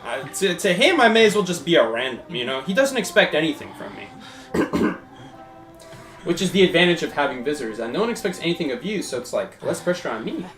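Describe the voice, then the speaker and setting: A man's voice: a little high, sing-song, a little fast, a bit bright, faint music behind. A young man giving chatty, casual commentary while live-streaming a game and thanking his viewers.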